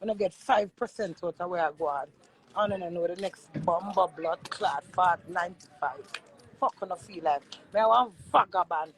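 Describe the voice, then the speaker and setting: A woman's voice: lowish voice, moderate pace, slight background noise, poor audio. A young Jamaican woman vlogger ranting in an angry, accusing way, swearing often. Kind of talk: heated rant.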